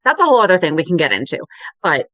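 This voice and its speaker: A woman co-hosting a fan podcast, chatting in animated tangents and quick restarts. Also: lowish voice, no room sound. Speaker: podcast co-host. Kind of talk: casual chat.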